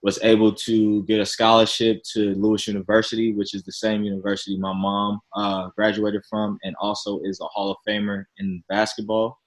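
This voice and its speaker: A man from Chicago, a podcast guest, telling his story in a relaxed, humble, easygoing way. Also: lowish voice, moderate pace, hardly any pauses, rough recording. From Chicago, Illinois. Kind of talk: casual interview chat.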